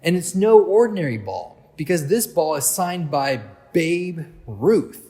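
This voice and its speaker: A man preaching to a youth group, his voice sitting a little high. He talks in a loose, chatty storytelling way with plenty of fillers. A long reverb trails each phrase, as in a church hall. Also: big pitch swings, unhurried, mellow. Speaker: youth pastor.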